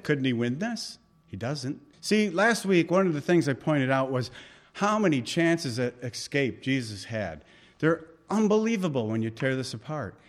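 A man preaching a conversational sermon, reading scripture aloud with force and dropping into soft asides. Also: a little high. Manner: animated, swings between loud reading and soft asides.

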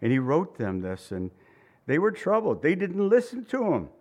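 A man's voice: on the high side, huge pitch swings, normal speed, darkish tone. A man preaching a sermon to his congregation in an earnest, conversational way, emotional and close to tears, with bursts of laughter between points. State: tired and near tears. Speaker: pastor.

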